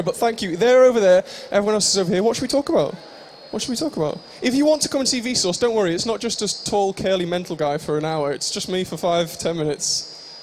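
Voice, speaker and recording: A man's voice: sits high, a little hiss or hum. A young man hosting a live stage show, joking and teasing the audience in improvised comic banter. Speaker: stage host at a live fan convention.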